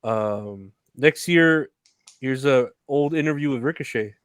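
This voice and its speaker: A man's voice: medium pitch, measured pace, clean tone, no echo. A man co-hosting a podcast in casual chat, joking and laughing often. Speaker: podcast co-host.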